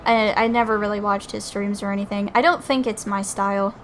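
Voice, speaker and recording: A woman's voice: mid-range voice, fairly even intonation, fairly quick, soft background music, rough recording. A young woman streamer chatting casually while gaming, swearing freely and saying "like" a lot. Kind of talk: casual chat while playing a game.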